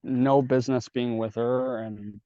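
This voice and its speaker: A podcast guest speaks at medium pitch, a little slowly, with a mellow voice and fairly even intonation, recorded dull and dry. His stories are candid, casual, and laced with swearing, and he acts out each side of the exchanges.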